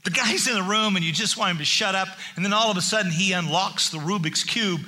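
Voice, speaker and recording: A man preaching a sermon, joking and conversational, acting out Bible figures in quick asides. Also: high-pitched, bright, forceful tone. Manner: jokey and conversational, with many restarts. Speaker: pastor.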